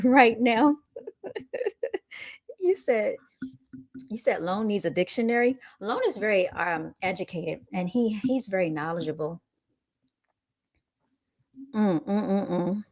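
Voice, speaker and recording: Amused woman answering her live chat. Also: medium pitch. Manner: amused, laughing often, retorts to commenters. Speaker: livestream host reading chat. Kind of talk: casual livestream chat.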